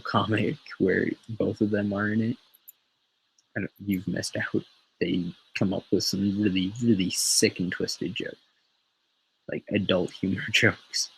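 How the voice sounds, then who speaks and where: A man talks in an unhurried, low voice with a gravelly fry and a husky edge. He hosts a laid-back show, rambling, cursing freely and chuckling as he goes. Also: low-quality recording. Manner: profane, rambling, laughs often. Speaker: show host. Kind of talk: casual rambling chat.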